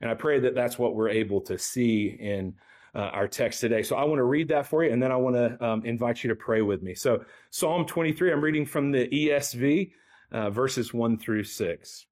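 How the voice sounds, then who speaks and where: An earnest man delivering a sermon as a visiting preacher. He speaks prayerfully and presses his points by repeating key phrases. His voice sits at an ordinary pitch for a man. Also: normal speed, darkish tone. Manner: earnest, prayerful, emphatic repetition. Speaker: guest preacher. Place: church.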